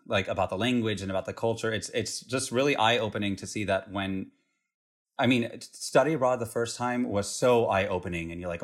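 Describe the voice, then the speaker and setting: A young man from the United States, a guest recounting his years abroad in a relaxed, rambling way with fillers. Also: lowish voice. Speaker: interview guest. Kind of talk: casual conversational interview.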